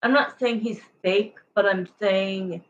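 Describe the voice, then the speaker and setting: A woman's voice: mid-range voice, slow pace, muffled recording. A woman doing a casual tarot reading, rambling and filling her talk with "like" and "you know". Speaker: tarot reader.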